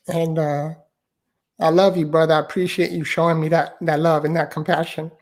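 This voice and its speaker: A man, a guest author and speaker, telling a personal story in a live online interview, heartfelt, repeating his phrases and often saying "man". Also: sits high. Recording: live online talk show.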